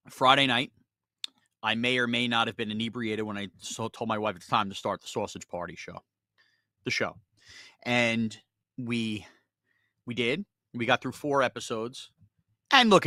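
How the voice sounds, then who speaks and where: A man's voice: mid-range voice, normal speed, long pauses, dry recording, studio quality. A man hosting a sports radio show, telling stories in casual, self-mocking banter. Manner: storytelling, animated, self-mocking.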